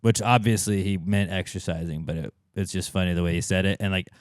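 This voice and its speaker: Low-voiced man telling animated stories. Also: fast, no room sound, clean studio sound. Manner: animated storyteller, acts out quotes with big jumps in pitch. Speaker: podcast co-host. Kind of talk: casual chat.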